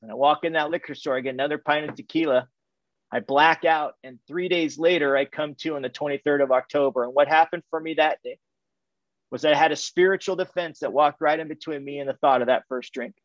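A man's voice: fairly high pitch, steady tone, no echo. Man telling a raw recovery story. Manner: candid, repetitive, halting restarts. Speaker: speaker sharing his recovery story. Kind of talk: personal testimony talk. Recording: dull, muffled, dry sound.

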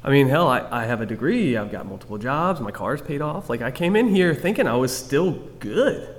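In a hall with long reverb, a man tells a group his recovery story candidly, his medium-pitched voice sing-song and moderately paced. He mocks himself, rambles, and keeps restarting his sentences.

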